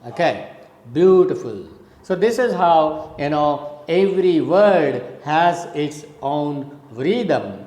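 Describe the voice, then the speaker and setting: A slow, measured male lecturer talks through his points one at a time, repeating words as he counts them off. His voice sits a little high. The room is echoey and the reverb hangs long after each phrase. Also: expressive, a little mellow. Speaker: college lecturer. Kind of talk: recorded classroom lecture.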